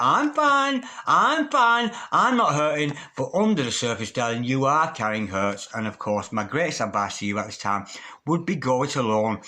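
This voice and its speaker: Guy doing a tarot reading, soft and intimate, keeps saying darling. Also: mid-range voice. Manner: intimate, calls the listener darling, dramatic asides. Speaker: tarot reader.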